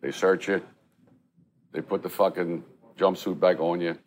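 A man's voice: low voice, fairly even intonation, measured pace, a little mellow. A middle-aged man, telling stories bluntly and swearing freely in a casual chat at a restaurant. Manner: profane, blunt, street-talking. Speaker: podcast co-host.

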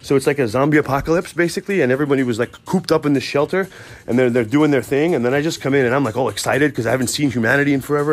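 A man hosting a podcast, telling a rambling, profane, excitable comic story from work. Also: mid-range voice, very fast. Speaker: podcast host. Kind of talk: casual comic storytelling monologue.

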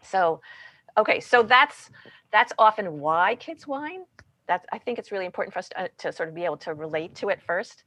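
A woman's voice: medium pitch, lively intonation, a little fast, fairly bright tone, dry recording. A woman, co-author of a parenting book, talking casually and often checking in with "right?" and "you know". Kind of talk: casual conversational explanation.

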